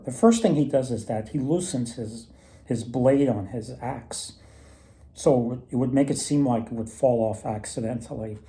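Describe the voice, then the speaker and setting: A man's voice: medium pitch, warm tone. A man casually retelling folk myths and tales, rambling with many restarts. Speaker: storyteller and mythology presenter. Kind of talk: casual storytelling talk.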